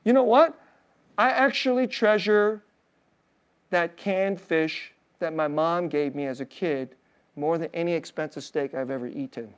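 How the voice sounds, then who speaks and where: A male pastor preaching a sermon in a casual, storytelling way, full of fillers and soft laughs, dropping to a hushed tender voice on emotional points. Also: fairly high pitch, unhurried, clean tone.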